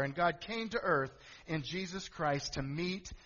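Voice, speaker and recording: With a fairly high, slightly bright voice and an unhurried pace, this middle-aged pastor tells a story in his sermon. He turns aside to the congregation and works up to emphatic calls, and the sound is lo-fi and dull, echoing around a hall.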